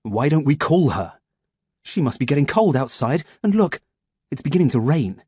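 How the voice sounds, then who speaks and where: A man reading an audiobook, voicing a scheming male scientist villain who taunts in a silky, mock-gentle manner. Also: fairly high pitch, sing-song, moderate pace, slightly rough, no room sound, studio quality. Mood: taunting.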